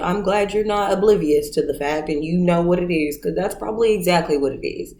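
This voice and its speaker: A woman casually recapping a reality show, animated and acting out scenes in put-on voices. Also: lowish voice, a little fast. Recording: roomy echo.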